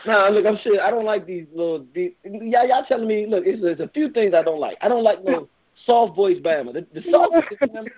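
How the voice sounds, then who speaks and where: A man with a notably high voice hosts a call-in radio show, talking loud and forceful, almost shouting his points. The sound is dull and lo-fi, like an old internet radio stream. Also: brisk. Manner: loud, emphatic, near yelling. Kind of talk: heated call-in radio talk.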